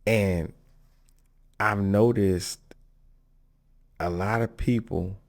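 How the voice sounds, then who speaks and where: A man with a very low, gravelly voice gives casual commentary as a podcast host. He talks at an unhurried pace and is blunt and candid, laughing between his points. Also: fairly even intonation, a little mellow. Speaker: podcast host reacting to clips.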